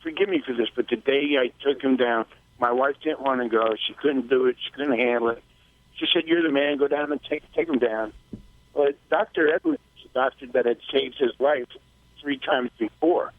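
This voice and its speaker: A man's voice: mid-range voice, animated. Emotional man calling in by phone. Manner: emotional, halting, with restarts. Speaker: caller. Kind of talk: telling a personal story on a radio show. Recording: tinny phone line.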